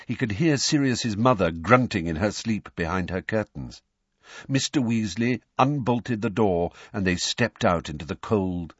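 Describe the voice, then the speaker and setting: A man narrating a storybook in an expressive, even-paced way. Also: low voice, breathy edge, no echo, highs cut off. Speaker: audiobook narrator. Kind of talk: scripted narration.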